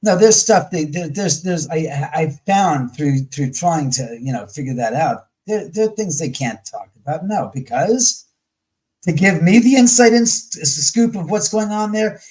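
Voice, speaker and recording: A man's voice: on the high side, poor audio. A middle-aged man talking bluntly and profanely in casual chat, often acting out other people's words. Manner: blunt, profane and animated, acting out quoted voices. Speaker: guest.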